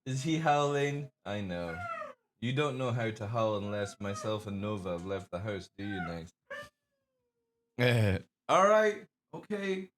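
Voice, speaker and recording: A man's voice: on the low side, a little slow, very noisy. A man streaming from home, chatting casually with his viewers and talking to his dogs in a coaxing voice. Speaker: live streamer. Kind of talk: casual stream chat reacting to a video.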